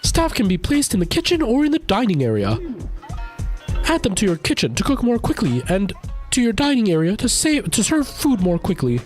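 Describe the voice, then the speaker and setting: A man's voice: wildly swooping pitch, moderate pace, faint music behind. A man voicing a cheerful young woman who explains hiring staff in a game. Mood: chirpy. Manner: bright, chirpy, put-on high voice.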